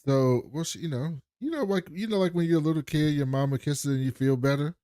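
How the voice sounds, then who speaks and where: A man's voice: fairly high pitch, fairly quick, no room sound. Man casually recapping a show, dry mic. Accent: American. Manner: animated retelling, acts out quotes. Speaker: podcast co-host.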